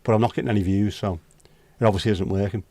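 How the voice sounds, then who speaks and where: In a lowish, mellow voice with a steady tone, a man races along with no echo. He's the host of a casual virtual pub livestream, reading viewer comments aloud and chatting, joking and bantering with chat.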